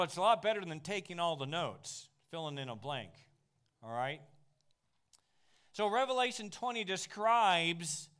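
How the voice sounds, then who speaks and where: Man, preacher, Bible teaching, smooth resonant voice, fairly high pitch, animated. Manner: animated, with emphatic slowed key phrases and asides to the room. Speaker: pastor teaching a Bible class. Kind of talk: sermon-style Bible teaching.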